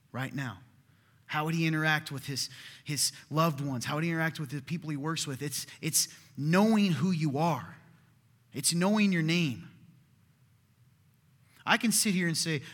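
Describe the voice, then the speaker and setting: A man in his thirties, his voice slightly high and a bit bright, delivers a sermon as pastor in a church hall with echoey sound. He talks conversationally, repeatedly tossing in "right?" to check in.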